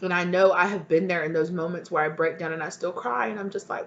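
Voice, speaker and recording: A woman's voice: fairly low pitch, steady tone, a little fast, slight background noise. An earnest woman gives a spiritual tarot reading, speaking directly and emotionally to her viewers. The sound is dull and lo-fi, like a home video recording. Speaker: tarot reader.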